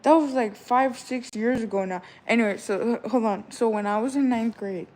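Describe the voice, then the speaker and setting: A woman's voice: fairly high pitch, normal speed, darkish tone. A woman in her twenties chatting casually to her viewers, giving rambling advice and often checking in with "all right?". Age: 20s. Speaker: vlogger.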